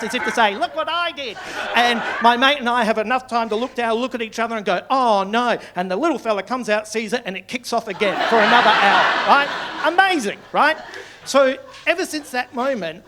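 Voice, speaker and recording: An Australian man performing a stand-up comedy set on a club stage, rambling and swearing freely, building to loud outbursts. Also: high voice, a little hiss or hum.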